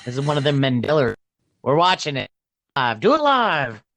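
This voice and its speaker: Jokey man with a lively voice. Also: mid-range voice, moderate pace, dry recording, rough recording. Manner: jokey, quotes movie lines, laughs a lot. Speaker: podcast co-host. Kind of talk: casual chat.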